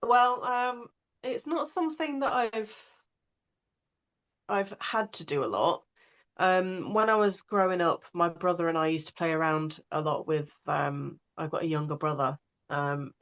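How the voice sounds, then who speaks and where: A woman's voice: low-pitched, a little slow, creaky, highs cut off. A woman, an audiobook narrator chatting casually and digressively as a guest. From northwest England. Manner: chatty, digressive, many fillers. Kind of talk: casual conversation.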